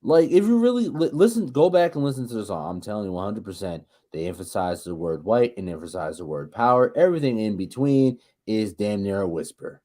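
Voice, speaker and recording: A man's voice: lowish voice, fairly quick, hardly any pauses. A man co-hosting a casual podcast, rambling and profane, stumbling over repeated restarts as he rants. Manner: animated, ranting. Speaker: podcast co-host.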